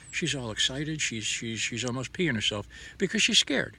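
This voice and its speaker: A man's voice: mid-range voice, animated, normal speed, few pauses, bright, forceful tone. A middle-aged man giving a casual, folksy devotional talk, rambling and stammering through restarts. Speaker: host. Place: outdoors under a tree.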